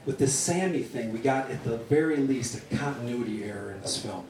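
A man's voice: mid-range voice, brisk, a little mellow, pitched below the performer's own voice, lightly acted. A man voicing a frazzled, volatile male film director who curses in exasperation, during a story reading. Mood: strained calm. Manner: exasperated, cursing. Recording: roomy sound from a distant mic.

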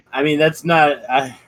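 A man with a fairly high voice joins a casual movie review podcast as a guest. He laughs along and chimes in with short, agreeing remarks, his voice sounding dry and close. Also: dry recording.

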